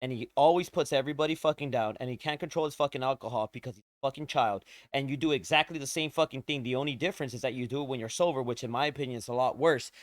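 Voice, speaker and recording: A male streamer ranting angrily, yelling insults and repeating himself. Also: medium pitch, racing, hardly any pauses, dry recording. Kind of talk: angry profane rant.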